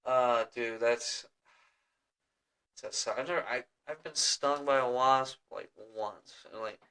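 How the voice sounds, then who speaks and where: Young woman co-host, very low bright voice, swears a lot, loud animated retellings. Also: takes it slowly, smooth. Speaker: podcast co-host. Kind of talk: casual chat.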